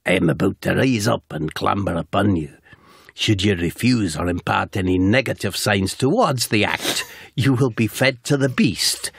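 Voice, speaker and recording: A man voicing a cruel, commanding island laird in a slow, menacing storybook delivery. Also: fairly low pitch, gravelly, husky, no room sound, studio quality.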